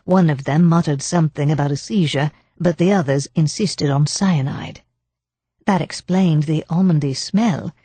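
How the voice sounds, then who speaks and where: A woman narrating a cozy mystery audiobook in an even, measured storytelling style. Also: low voice, husky, no room sound. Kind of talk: scripted narration.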